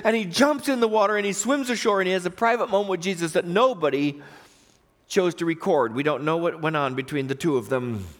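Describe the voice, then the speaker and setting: Man, pastor, sermon, animated storytelling, fairly high pitch. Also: a little fast. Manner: animated storytelling, acting out quoted voices.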